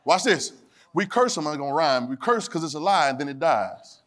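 A man preaching in a sermon, his voice pitched high for a man. He pulls the congregation in with call and response and drops into loose, casual church talk. His delivery swings from low asides to shouted, sung lines. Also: sing-song, moderate pace. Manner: Southern Black church vernacular, drops verbs. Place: church sanctuary.

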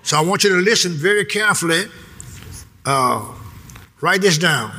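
A man's voice: high-pitched, animated, moderate pace, pauses often, bright, forceful tone. A man preaching a sermon, emphatic and repetitive, reading verses and calling on the congregation to answer back.

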